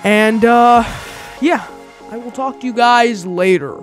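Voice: mid-range voice, takes it slowly. YouTuber, casual intro, rambling, chatty, faint music behind.

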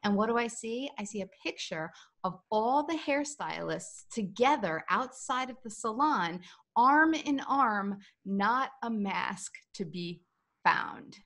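A woman's voice: fairly high pitch, animated, slow, a bit bright. A woman hosting an interview, telling a story in a chatty, friendly way over a video call. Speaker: interview host. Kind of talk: casual interview chat.

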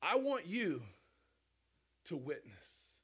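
A man's voice: high-pitched, very animated, slow pace, fairly bright tone, husky, voice pushed down, heavily acted. A man voicing God giving firm commands, in a sermon. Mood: commanding. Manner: firm and declaring. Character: God, commanding and insistent male voice.

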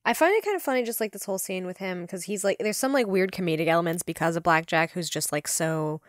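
A woman co-hosting a podcast, chatting casually about a book in a lowish voice. She is talkative and slips into quick impressions of characters. The sound is dry and close. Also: dry recording. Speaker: podcast co-host. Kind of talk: casual book-discussion chat.

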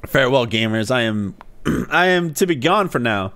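A man's voice: mid-range voice, lively intonation, moderate pace, a bit bright. A young man streaming a game in casual chat, swearing a lot and laughing at other players. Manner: profane, laughs often, mocks other players. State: sleepy.

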